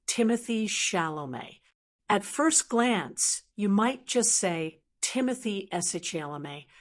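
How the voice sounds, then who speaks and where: A woman hosting a channel, reading a scripted pronunciation tutorial in a careful, deliberate way. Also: medium pitch. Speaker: channel host teaching pronunciation.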